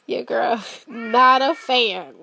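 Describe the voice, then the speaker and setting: A woman's voice: on the high side, drawn-out words, creaky, pushed and bright, slight background noise. A woman hosting a podcast solo, chatting playfully and telling stories straight to her listeners. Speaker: podcast host. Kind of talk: casual solo podcast chat.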